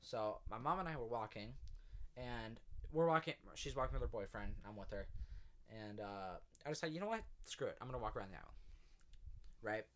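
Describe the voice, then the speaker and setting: Bright-voiced young man, easygoing. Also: fairly low pitch, animated. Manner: easygoing, joking, halting with fillers while telling a story. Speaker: podcast co-host. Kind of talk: casual chat, storytelling.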